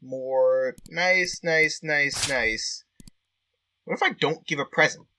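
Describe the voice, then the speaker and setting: A man's voice: fairly high pitch, slow, sharp tone, slight background noise. A man playing a text adventure and thinking aloud in a chatty, easily amused way as he reads out the game's text. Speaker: game player. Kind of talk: let's-play commentary and reading game text.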